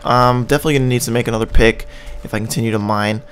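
Speaking very fast in a steady, medium-pitched voice that sounds a bit bright, a man with a Canadian accent rambles and cracks jokes while commenting on his gameplay. He's a gaming channel host who occasionally hums or scats small tunes, and there's slight background noise.

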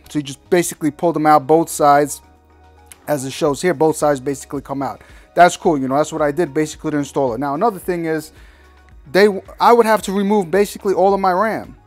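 Slangy, fed-up man reviewing tech. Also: fairly high pitch. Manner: slangy, exasperated ranting, calls viewers "cats". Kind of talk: casual product install walkthrough.

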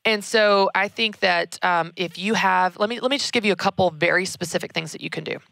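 A woman, hosting a casual advice talk in an energetic, emphatic way, repeating key words. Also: lowish voice, brisk, creaky, dry recording. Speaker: podcast host answering a listener question.

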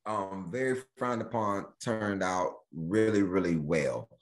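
A man, a stand-up comedian chatting as a podcast guest and acting out bits with sudden jumps in pitch. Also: slow. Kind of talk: animated storytelling chat.

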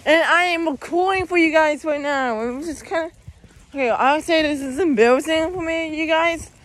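A woman's voice: high-pitched, normal speed. A young woman vlogging outdoors while she walks, talking to her viewers in a rambling way and saying "you guys" constantly. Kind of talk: casual walking vlog. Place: outdoors on a walk.

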